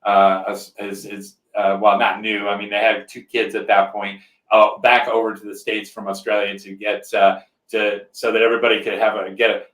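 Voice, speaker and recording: A man's voice: fairly low pitch, flat delivery, moderate pace, a bit bright, far from the mic. A male podcast host telling a personal story in casual conversation, rambling a bit and often checking in with "right?". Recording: roomy echo.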